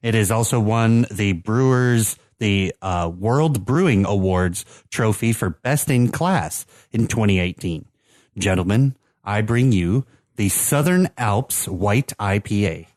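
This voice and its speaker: Relaxed lower-voiced American man chatting. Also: takes it slowly, no room sound. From United States. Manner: relaxed, rambling explanations with fillers. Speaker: podcast co-host presenting the beer. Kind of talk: casual chat.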